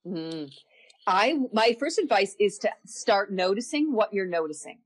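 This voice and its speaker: A woman's voice: medium pitch, big pitch swings, measured pace. A woman as a podcast guest, telling her own story candidly and reflectively, often repeating words as she gathers her thoughts.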